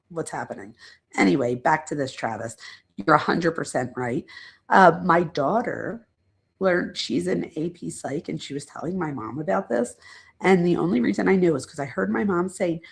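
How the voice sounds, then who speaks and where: A middle-aged woman with a low, husky voice full of vocal fry hosts a livestream. A psychologist who runs a true crime channel, she lectures casually and talks directly to chat viewers in rambling, self-deprecating asides.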